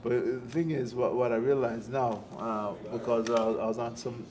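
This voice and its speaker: A middle-aged man, a former boxer, telling his story in an interview. He speaks softly and haltingly, often repeating words as he recalls events. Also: mid-range voice, fairly even intonation. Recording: noisy on-site recording.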